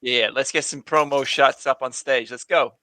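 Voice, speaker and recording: A man playing a tabletop game, animated and laughing as he hustles in character. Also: medium pitch, moderate pace, no echo. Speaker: player.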